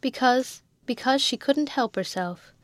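A woman's voice: high voice, a little slow, a bit bright, no echo, pitched above the performer's own voice. Woman doing a scheming, gossipy matron. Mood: falsely solicitous. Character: scheming, gossipy middle-aged sister-in-law.

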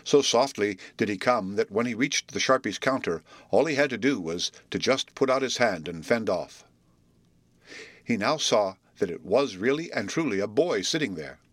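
Low-voiced male audiobook reader. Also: expressive, moderate pace, fairly bright tone, no room sound. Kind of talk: storybook narration.

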